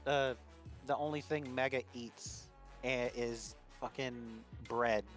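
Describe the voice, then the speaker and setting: A man's voice: medium pitch, fairly even intonation, slow pace, a bit bright, soft background music. A man from Louisiana with a light Cajun accent, a guest chatting bluntly on a livestream and swearing casually. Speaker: stream guest. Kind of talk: casual stream chat.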